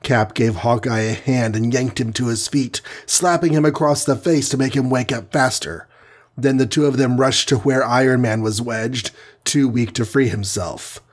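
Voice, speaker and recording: A man's voice: medium pitch, normal speed. A man narrating a dramatic adventure storybook with vivid delivery.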